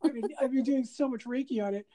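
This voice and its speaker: A woman's voice: high voice, quick pace, poor audio. A middle-aged woman in casual chat, telling a story with lots of laughter and acted-out quotes. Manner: animated storyteller, laughs often, acts out quotes.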